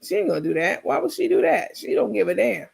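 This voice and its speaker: Woman, reaction commentary, sassy, gravelly, slightly high voice, talks to viewers. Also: very animated, fast. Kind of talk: casual comedic reaction commentary.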